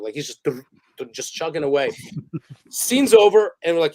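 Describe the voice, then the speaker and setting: A man's voice: a little high, expressive, fairly quick, darkish tone. A man guesting on an interview podcast, telling rambling, profane stories and laughing as he goes. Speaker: interview guest, photographer and director. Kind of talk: casual storytelling interview.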